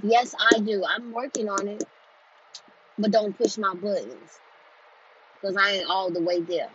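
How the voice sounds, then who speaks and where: A woman's voice: medium pitch, slow pace, pauses often. Blunt, profane woman with a drawl. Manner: blunt, profane, emphatic and repetitive; grows louder and more forceful as she goes. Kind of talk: candid monologue on healing. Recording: dull lo-fi recording with faint noise.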